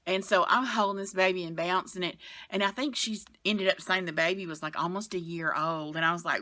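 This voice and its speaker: A woman's voice: low voice, brisk, bright, forceful tone, no echo. A middle-aged woman, vlogging from her bed in a frank, rambling chat that trails off and comes back with sighs. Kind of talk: casual chatty vlog. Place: bedroom, sitting on the bed.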